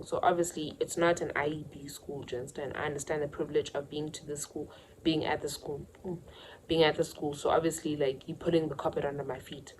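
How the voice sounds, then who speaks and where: A woman's voice: low voice, flat delivery, brisk, noisy background. A young woman from South Africa with a South African accent, telling a casual storytime to her channel and acting out the voices of the people in her story. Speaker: YouTuber.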